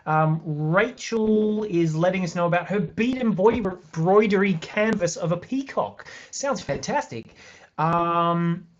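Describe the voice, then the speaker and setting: A man's voice: high-pitched, expressive, a little slow. An upbeat young Australian man hosts a live craft tutorial, greeting viewers by name as he explains each beading step. He talks in a friendly, rambling way. The audio is slightly dull. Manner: chatty, upbeat, reads out viewer comments while explaining steps.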